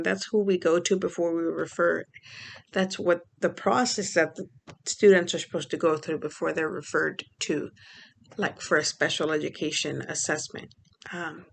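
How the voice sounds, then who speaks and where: A woman who works as a school speech therapist, telling stories from her workday in a casual vlog and often clearing her throat. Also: a little hiss or hum. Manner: chatty, frequent fillers and clearing of throat; acts out quoted people with pitch jumps. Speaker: vlogger.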